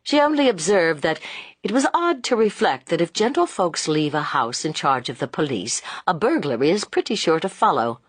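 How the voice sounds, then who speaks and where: A woman reading a classic novel aloud in measured, expressive narration. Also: fairly low pitch, husky, no echo. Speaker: audiobook narrator. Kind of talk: scripted narration.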